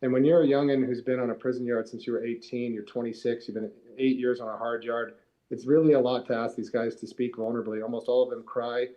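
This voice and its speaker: A man talks as a guest on a live community talk show, his voice warm and mellow. He tells his stories in an earnest way. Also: mid-range voice, little pitch movement, fast, highs cut off. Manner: earnest storytelling. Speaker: guest speaker, prison recovery mentor.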